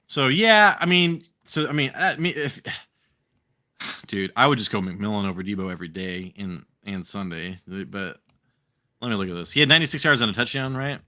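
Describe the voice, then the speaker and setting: An American man with a lowish voice speaks at a moderate pace while co-hosting a live fantasy football show. He drinks as he goes, rambling and swearing casually in an animated, profane way. It's loose, live podcast chatter.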